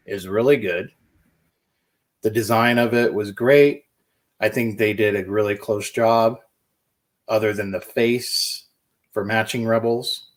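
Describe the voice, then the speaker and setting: A man giving blunt, opinionated takes in a casual chat as a co-host. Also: medium pitch.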